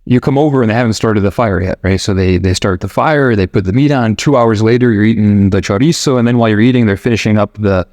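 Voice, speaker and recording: A man from the United States hosting a podcast, talking in a relaxed, rambling way with restarts and quoted asides. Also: on the low side, quick pace, hardly any pauses, no room sound, studio quality. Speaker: podcast host. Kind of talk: casual explanatory monologue. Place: living abroad in Argentina.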